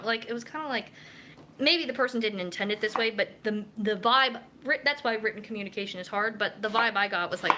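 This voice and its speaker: A young woman talks through a cooking stream in a chatty, rambling way, full of fillers and restarts. Her voice is bright and a little high. She is recorded in her kitchen with faint noise behind her. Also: animated, brisk. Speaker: dietitian hosting a live cooking stream. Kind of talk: casual chat while cooking. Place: home kitchen. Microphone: camera mic.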